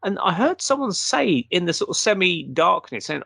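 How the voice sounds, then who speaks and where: Animated man telling a story. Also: high voice, moderate pace, vocal fry, no echo. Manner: animated, acts out quotes. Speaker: guest. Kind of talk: casual anecdotal storytelling.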